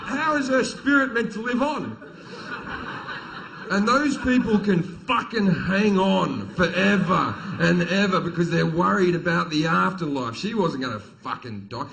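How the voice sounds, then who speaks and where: Crude, bright-voiced Australian stand-up comic. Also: male voice, high-pitched, animated, measured pace, creaky, poor audio. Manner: crude, profane, storytelling delivery with sudden loud punchlines. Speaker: stand-up comedian. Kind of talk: stand-up comedy set. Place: comedy venue stage with audience.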